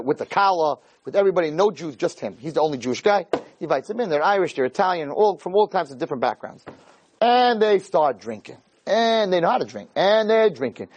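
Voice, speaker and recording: A man giving a weekly Torah talk as a lively, chatty storyteller who drops in Hebrew terms. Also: fairly high pitch, poor audio. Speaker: Torah lecturer.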